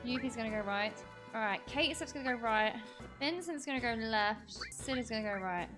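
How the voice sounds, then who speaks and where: A woman streamer giving excited, gushing let's-play commentary, reacting aloud to the game. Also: fairly high pitch, moderate pace, music in the background. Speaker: gaming streamer.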